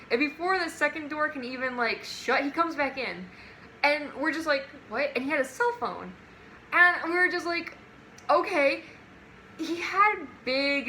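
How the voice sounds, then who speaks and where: Young woman, casual storytime, giggly and animated, fairly high bright voice. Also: a little hiss or hum. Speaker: vlogger.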